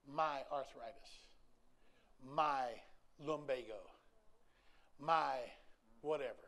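Emphatic folksy preacher man in his sixties. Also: on the high side. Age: 60s. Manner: emphatic, folksy and repetitive, with humor. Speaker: pastor. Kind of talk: sermon.

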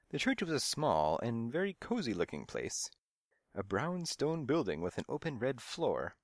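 A man's voice: mid-range voice, wildly swooping pitch, normal speed, a bit bright, no room sound. A man narrating a first-person storybook mystery in a dry, wry manner. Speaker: audiobook narrator.

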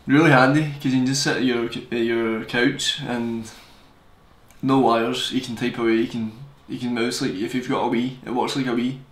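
A young man reviewing a gadget on camera in a fast, joking, rambling way. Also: medium pitch, level tone. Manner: fast-talking, joking, digressive. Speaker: tech reviewer. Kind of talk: casual rambling product review. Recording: echoey room, faint hiss.

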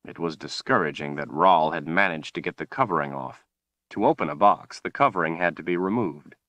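A man reading an audiobook as its narrator, in steady, expressive scripted narration. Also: low-pitched, a little fast, dry recording.

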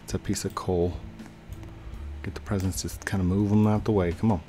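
Young man, low voice, casual game commentary, chatty, excitable, faint music behind. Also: brisk. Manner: chatty, talks to himself, sudden excited outbursts. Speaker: gaming YouTuber.

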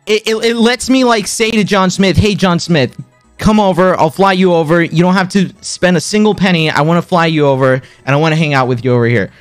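A man in his twenties talks casually to his stream viewers, excitedly retelling a story with big swings in pitch and plenty of repetition. He speaks fairly quickly over soft background music, and the recording is dry.

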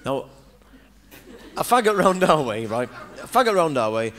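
A man's voice: fairly high pitch, big pitch swings, moderate pace, fairly bright tone. A man with a Northern English accent doing a rambling, chatty live stand-up monologue in front of an audience. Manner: rambling, chatty storytelling with asides. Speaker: comedian.

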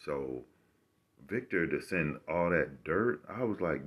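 A man's voice: a bass voice, expressive, slow, breathy edge. A man vlogging to camera, ranting casually with rambling, profane and sarcastic remarks.

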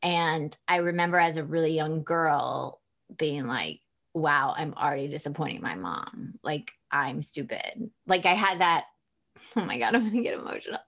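A woman's voice: sits low, expressive, normal speed, fairly bright tone. A woman, a guest author, telling a personal story in an open, emotional way and acting out the voices she quotes.

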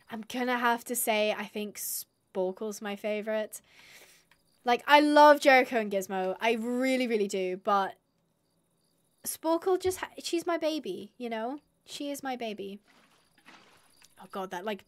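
Young female streamer, high-pitched, excitable, casual live chatter with squealing bursts. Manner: excitable, squealing bursts, reads chat aloud.

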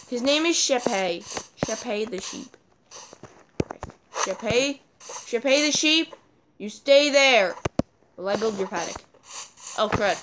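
Excitable woman rambling through gameplay. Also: on the high side, moderate pace. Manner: rambling and excitable, talks to the animals, repeats her outro. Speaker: gaming channel host. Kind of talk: casual let's-play commentary. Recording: audible clicking noise behind voice.

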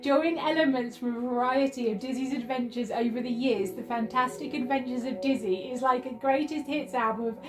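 A woman with a high-pitched voice talks briskly with few pauses while vlogging an unboxing and playing a retro game at home, recorded on a phone with soft background music. She gushes excitedly, squealing and laughing often.

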